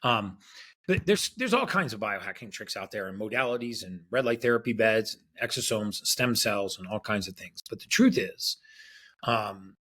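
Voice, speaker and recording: A man tells a story as a podcast guest in a relaxed, casual way. He acts out the quoted lines with animation. His voice is husky and sits a little low. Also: normal speed.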